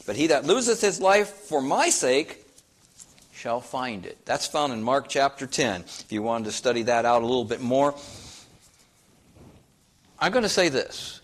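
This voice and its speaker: A middle-aged man from North Dakota preaching a sermon, folksy and conversational, with an everyday mid-range voice. He swings from quiet asides up to loud, emphatic questions for the congregation. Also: medium pitch. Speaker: pastor.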